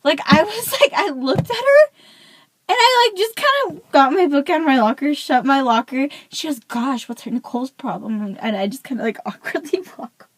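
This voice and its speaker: Teenage girl, vlog rant, animated, filler-heavy, slightly high voice. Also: moderate pace, dry recording, rough recording. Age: teens. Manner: chatty, says "like" constantly, animated. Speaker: vlogger. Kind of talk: casual storytime rant.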